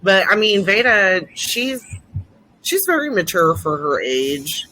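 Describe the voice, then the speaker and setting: A woman's voice: mid-range voice, big pitch swings, slow, pushed and bright, slight background noise, poor audio. A woman in her thirties co-hosting a podcast, chatting casually, teasing and laughing easily. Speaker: podcast co-host. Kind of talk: casual chat.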